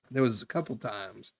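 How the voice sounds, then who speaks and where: A man's voice: mid-range voice, darkish tone. A young man streaming live, talking loosely and at length as he gives a stranger casual advice, full of fillers and restarts. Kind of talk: casual chat giving advice.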